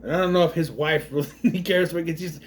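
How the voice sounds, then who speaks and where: A man's voice: a little high, moderate pace, slight background noise. A man giving a casual, rambling recap of a movie, wandering off on tangents and briefly mimicking the characters. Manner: mimics characters' voices mid-story. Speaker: movie reviewer.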